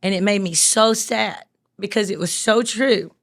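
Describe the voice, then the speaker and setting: A woman's voice: mid-range voice, normal speed. Brief: woman, guest on a talk show, earnest and blunt, shares painful memories in mid-range voice. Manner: earnest, plainspoken, with casual swearing. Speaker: guest, business owner. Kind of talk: emotional personal story in a conversation.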